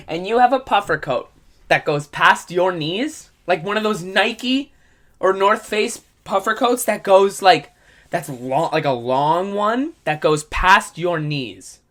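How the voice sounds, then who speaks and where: A man's voice: high-pitched, lively intonation, slow, a bit bright. A man hosting a solo comedy podcast, ranting in a rambling, profane way.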